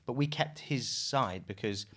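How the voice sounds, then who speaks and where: This mid-range, fairly bright voice moves a little slowly. It belongs to a British recruitment firm founder appearing as a podcast guest, chatting about business in a loose, laughing way and swearing now and then.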